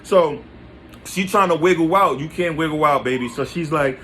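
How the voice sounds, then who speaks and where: Slangy, profane man, slightly high voice. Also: brisk, a bit bright. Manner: slangy, blunt and profane, often addresses listeners directly. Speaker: vlogger telling his own relationship stories. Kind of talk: casual storytelling to camera. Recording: faint background noise.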